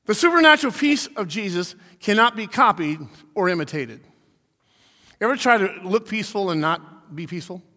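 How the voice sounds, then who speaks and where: A man preaching a sermon, animated, acting out little quoted voices as he goes. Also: sits high, moderate pace, long reverb tail. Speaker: pastor.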